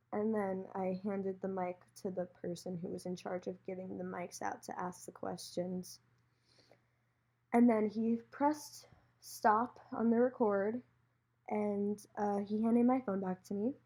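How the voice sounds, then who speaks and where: A young woman with a husky, slightly breathy voice and a gravelly edge, hosting a solo podcast. She tells a personal story in an animated way and acts out what each person said. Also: mid-range voice. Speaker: podcast host.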